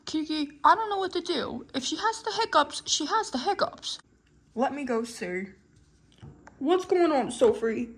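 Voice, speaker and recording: A woman's voice: high voice, animated, measured pace. A woman voicing Barley, a patient plush toy in a toy skit who sighs and sounds worn out by the others. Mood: weary. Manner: weary and patient, sighs a lot.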